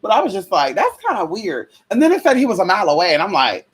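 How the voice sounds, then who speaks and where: Animated, profane storytelling vlogger. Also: medium pitch, fast, few pauses, husky. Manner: animated, profane, chatty, calls viewers y'all, girl and honey. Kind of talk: casual storytelling vlog.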